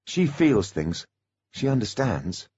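Man voicing a female fairy police captain, tough yet tender, soft earnest tone, husky, dull lo-fi sound. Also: mid-range voice, big pitch swings, slow, no room sound, voice pushed up, heavily acted. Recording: dull, dry lo-fi recording.

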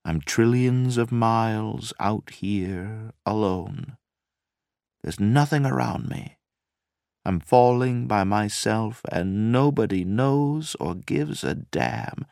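A man's voice: mid-range voice, very animated, drawn-out words, vocal fry, few pauses, slightly rough, no room sound, studio quality, voice pushed up, full character voice. A man voicing a lonely, panicking man adrift in space, pleading with a voice that cracks upward. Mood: desperate pleading. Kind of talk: audiobook character voice.

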